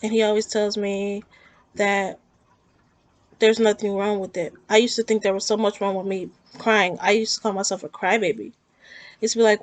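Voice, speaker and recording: A woman speaks in a heartfelt, rambling way, circling back on her words as she talks through her own grief. Her voice sits at an ordinary middle pitch. The sound is dry and close, with no room echo. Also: steady tone, normal speed. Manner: earnest, rambling, emotional. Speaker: vlogger. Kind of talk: personal talk to camera about grief.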